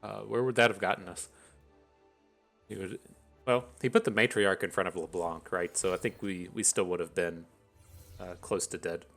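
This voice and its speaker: A man with a fairly low voice talks through his card game in a casual, thinking-aloud way. He weighs each play analytically and with a wry edge. Faint music plays underneath. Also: fairly even intonation, moderate pace, vocal fry, pauses often, a bit bright. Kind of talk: casual gameplay commentary.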